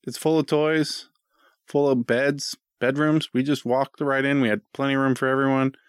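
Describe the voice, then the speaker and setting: A man in his thirties co-hosts a podcast of casual comedic chat, joking, swearing a lot and staying playful throughout. His medium-pitched voice is clear and resonant with little pitch movement and a moderate pace, recorded dry in a clean studio.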